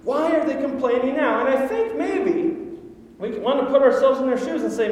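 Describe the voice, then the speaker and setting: A man with a strikingly high voice preaches a sermon, leaning on storytelling and rhetorical questions. His voice rings out with heavy echo and a long reverb tail from a large church hall. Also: normal speed, a little mellow. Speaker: pastor.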